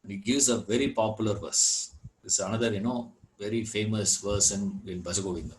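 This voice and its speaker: A man teaching a scripture class, unhurried, repeating words and filling gaps with "you know". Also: fairly low pitch, poor audio. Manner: chants Sanskrit verse. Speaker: Vedanta teacher.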